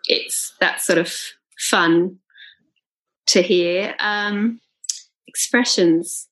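A young woman, co-hosting a casual podcast chat, chatty and quick to laugh. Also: fairly low pitch, a bit bright, poor audio. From Australia. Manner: chatty and giggly, mimics accents. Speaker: podcast co-host.

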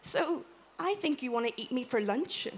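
A woman with an Irish accent giving a chatty, animated talk to a live audience, acting out little quotes as she goes. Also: high-pitched, normal speed, slight background noise. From Ireland. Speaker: conference speaker. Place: event room with an audience.

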